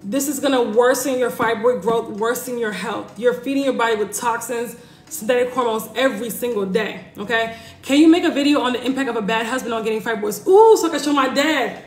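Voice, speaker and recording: Woman host, high voice, casual and reassuring live-stream chat, roomy echo. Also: brisk, soft background music. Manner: warm, reassuring, chatty, reads comments aloud. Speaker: health coach hosting a live stream. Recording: echoey room.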